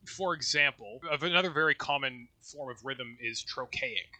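Bright-voiced casual male co-host. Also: medium pitch, moderate pace. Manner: loose and rambling, with restarts and swearing. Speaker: podcast co-host. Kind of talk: casual discussion of poetry.

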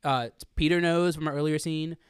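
A man's voice: on the high side, steady tone, moderate pace, clean tone, dry recording, clean studio sound. A man co-hosting a podcast, rambling through a casual film discussion and slipping into exaggerated quotes of movie lines. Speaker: podcast co-host.

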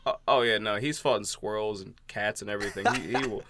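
A man in casual podcast chat, joking and swearing in lively banter. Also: lowish voice, a little fast, a crowd in the background.

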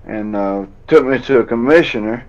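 A man, a fighter telling a painful story in an interview, drawling and halting as he acts out old conversations. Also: medium pitch, darkish tone. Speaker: bare-knuckle fighter guest. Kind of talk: emotional storytelling in a podcast interview. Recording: dull lo-fi audio.

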